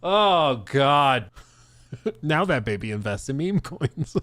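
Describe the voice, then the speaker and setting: Animated, incredulous male streamer. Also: mid-range voice, slow, no echo. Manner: animated and incredulous, laughs often, says "dude". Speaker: streamer reacting to videos. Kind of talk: casual live-stream commentary.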